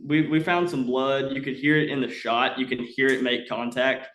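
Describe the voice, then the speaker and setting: A man's voice: mid-range voice, normal speed. Young man telling a story. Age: young adult. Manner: rambling, animated, many "uh" fillers. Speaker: podcast guest. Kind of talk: casual storytelling. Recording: roomy echo.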